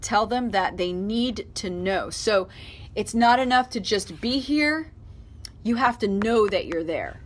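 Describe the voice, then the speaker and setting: A woman's voice: mid-range voice, expressive, measured pace, slight background noise. A woman giving a casual tarot reading to her viewers, speaking emphatically, repeating her points and talking aloud to spirit. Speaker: tarot reader.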